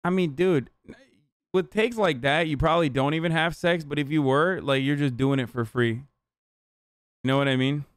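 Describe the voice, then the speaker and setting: A man's voice: fairly high pitch, normal speed, smooth, no echo. Ranting profane male streamer, clean voice. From Turkey. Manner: profane, ranting, talks straight to chat. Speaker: streamer reacting to a video. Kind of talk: casual live-stream commentary.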